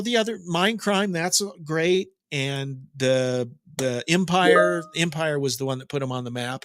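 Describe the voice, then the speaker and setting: Man, middle-aged, rock news host, rambling jokey chat, higher voice, dry close sound. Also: fairly bright tone, no echo. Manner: chatty, jokey, digressive. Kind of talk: casual rambling commentary.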